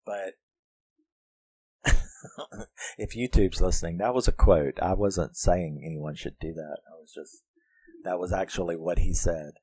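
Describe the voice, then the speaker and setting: A man's voice: low voice, unhurried, pauses often, mellow, husky, no room sound. A man giving a casual, profane review of a horror film, laughing often and acting out lines from it. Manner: profane, laughs often, quotes characters in put-on voices.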